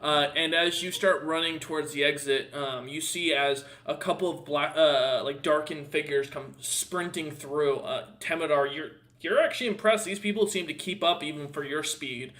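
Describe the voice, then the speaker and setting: Bright-voiced man narrating as game master. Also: a little high, moderate pace, hardly any pauses. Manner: rambling narration with many fillers and frequent laughs. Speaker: dungeon master.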